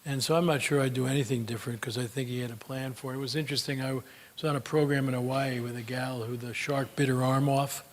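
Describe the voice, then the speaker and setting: A man's voice: medium pitch, fairly even intonation, fast talker. An older man from the United States giving a folksy, chatty talk, then answering audience questions with plenty of "you know.". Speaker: speaker.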